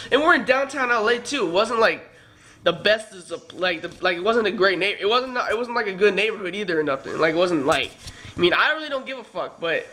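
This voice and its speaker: A man's voice: high voice, expressive, fairly quick, sharp tone. A young man vlogging, telling a rambling, profane story full of fillers. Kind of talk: casual storytelling. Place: California trip, downtown L A.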